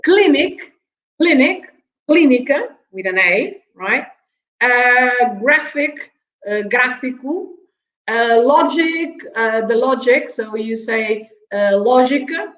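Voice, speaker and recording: A woman's voice: on the high side, expressive, slow, a bit bright. A woman with a Portuguese accent, a native speaker patiently explaining vocabulary on a talk show, with frequent chuckles and a habit of asking "right?". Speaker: language teacher guest. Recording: roomy, slightly dull audio.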